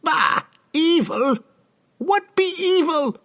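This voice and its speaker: Man voicing a storybook old woman, shrill falsetto, snappish, fierce, slow, wildly swooping pitch. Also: expressive, gravelly, a bit bright, full character voice. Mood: snapping angrily. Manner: snapping, rustic broken speech.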